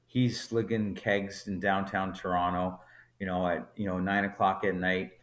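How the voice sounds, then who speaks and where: A man's voice: sits low, moderate pace. A man, a brewery co-founder guest on a podcast, telling an anecdote and acting out the dialogue as he goes. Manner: animated storyteller, acts out dialogue in quotes. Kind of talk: storytelling anecdote in conversation.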